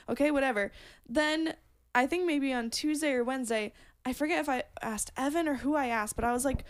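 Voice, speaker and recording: A woman's voice: high voice, moderate pace. A woman co-hosting a podcast, telling a rambling story in casual chat with lots of fillers. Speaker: podcast co-host.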